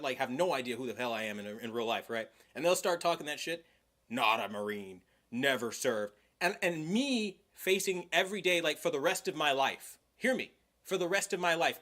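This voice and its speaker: A young man with a fairly high voice hosts a casual livestream chat. He rambles loosely with many fillers, swears freely and gets heated quickly. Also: sharp tone. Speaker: livestream host.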